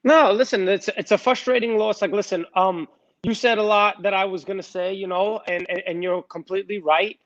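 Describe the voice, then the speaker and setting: A man's voice: sits high, fairly even intonation, brisk, no echo, highs cut off. A man co-hosting a sports podcast, blunt and dismissive, swearing as he sizes up players. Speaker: podcast co-host. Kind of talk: casual sports chat.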